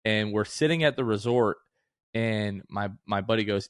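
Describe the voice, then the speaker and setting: A man's voice: lowish voice, moderate pace, clear, resonant tone, no room sound, studio quality. A man in his late twenties co-hosting a casual podcast, telling stories and acting out what others said. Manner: animated storyteller, acts out quotes. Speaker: podcast co-host. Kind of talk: casual chat.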